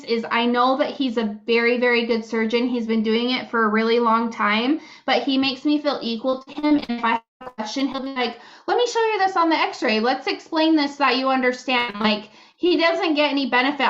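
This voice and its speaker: A woman's voice: sits high, fairly bright tone, muffled recording. A woman co-hosting a podcast, talking candidly and casually, swearing freely and giggling now and then. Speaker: podcast co-host. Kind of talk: casual chat.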